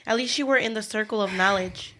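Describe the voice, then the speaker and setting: A woman's voice: mid-range voice, fast talker, pushed and bright, slight background noise. A woman co-hosting a podcast, teasing the others and cutting in with questions. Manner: teasing, asks questions, cuts in. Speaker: podcast co-host. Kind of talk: casual chat.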